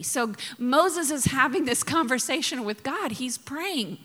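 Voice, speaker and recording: A woman pastor giving a sermon, telling the story in a lively way with acted quotes and asides to the congregation. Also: high-pitched, measured pace, hardly any pauses, in a large hall.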